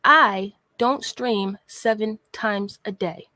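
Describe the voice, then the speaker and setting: This woman's mid-range voice has a sharp tone and a slow pace as she vlogs a sarcastic, exasperated rant, sighing and calling someone out by name over and over. It's casual commentary, recorded dry.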